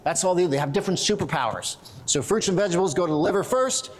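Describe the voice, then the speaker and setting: A man's voice: high-pitched, very fast. A middle-aged man giving a blunt, joking conference lecture on training and nutrition. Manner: blunt, joking, self-deprecating. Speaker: strength and conditioning coach. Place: conference hall stage.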